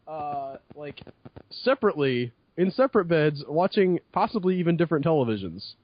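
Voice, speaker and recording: A man's voice: on the high side, big pitch swings, normal speed, highs cut off. A man chatting casually and joking while playing a tabletop story game, laughing often and full of fillers.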